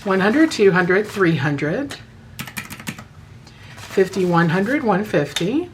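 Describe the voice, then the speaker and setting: Woman, hoarse voice, casual friendly chat, counts cash aloud, mid pitch, faint hiss behind. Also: lively intonation, takes it slowly, low-quality recording. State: hoarse, sounds sick. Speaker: budgeting vlogger.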